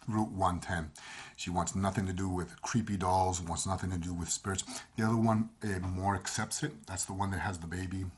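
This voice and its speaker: A man's voice: sits low, breathy edge. A middle-aged man with a Puerto Rican accent telling personal stories in a rambling, casual way, slipping Spanish phrases in. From Puerto Rico. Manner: rambling, repeats himself, mixes in Spanish phrases. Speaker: storyteller.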